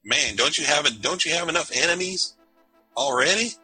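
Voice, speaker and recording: Man player in character, very bright husky voice, halting casual drawl. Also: on the high side, lively intonation, no room sound, soft background music, low-quality recording. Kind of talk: in-character tabletop play.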